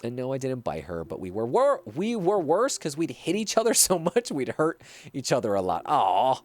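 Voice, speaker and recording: A man's voice: medium pitch, huge pitch swings, normal speed, darkish tone. A man streaming a video game, chatting casually and reacting to viewer messages. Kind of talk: casual gameplay livestream chat.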